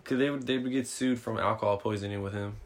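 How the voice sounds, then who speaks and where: Young man, podcast co-host, quick pace, teasing banter, casual swearing. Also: lowish voice, fairly even intonation. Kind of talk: casual chat.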